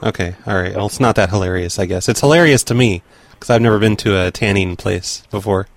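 A man's voice: lowish voice, fairly quick, no echo. A man making prank calls, talking to his listeners in between and posing as someone from a corporate office in a dry, mock-official tone. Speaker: prank caller. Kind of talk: prank call commentary.

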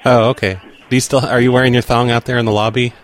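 A man's voice: medium pitch, level tone, quick pace. A man making prank calls, talking to his listeners in between and posing as someone from a corporate office in a dry, mock-official tone. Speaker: prank caller. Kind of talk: prank call commentary.

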